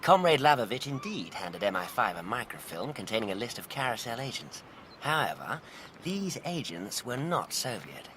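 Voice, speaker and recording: Brief: a sneering toff villain for radio comedy, upper-class English, very lively delivery. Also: male voice, mid-range voice, normal speed, a little hiss or hum. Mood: smug. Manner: pompous, sneering, theatrical. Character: posh, scheming male villain spy, insulting and smug. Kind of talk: comic radio drama acting.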